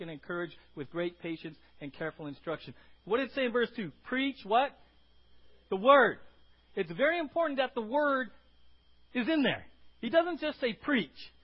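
High, husky-voiced preaching pastor. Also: male voice, dull audio. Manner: animated preaching, asks the congregation questions. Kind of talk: sermon. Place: church sanctuary.

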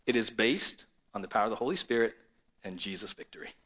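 A pastor delivers a fast sermon to his congregation and to viewers at home. He swings between loud declarations and soft, low asides.

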